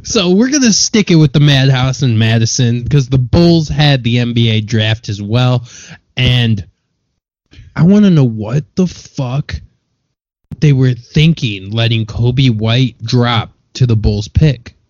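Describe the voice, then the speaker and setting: A man's voice: mid-range voice, expressive, unhurried, darkish tone, no echo, highs cut off. A man co-hosting a casual sports podcast, blunt and exasperated, swearing as he vents. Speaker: podcast co-host.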